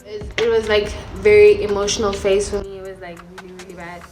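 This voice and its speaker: Young woman, storytime vlogger, mid-pitched, candid and emotional, loose casual delivery, music bed underneath. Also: level tone, brisk, darkish tone. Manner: candid and emotional, full of 'like' and 'you know'. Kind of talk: storytime vlog, casual chat. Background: background music.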